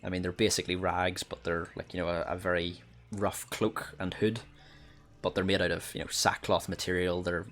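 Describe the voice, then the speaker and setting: A man's voice: low voice, flat delivery, normal speed, fairly bright tone. A man narrating as game master of a tabletop game, hesitant, full of ums and restarts.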